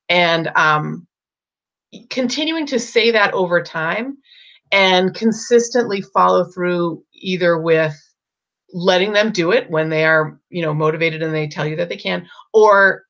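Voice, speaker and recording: A woman's voice: fairly low pitch, measured pace, a bit bright. A woman in middle age giving casual parenting advice, thinking aloud with many ums and restarts. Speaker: parenting coach. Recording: dull lo-fi recording.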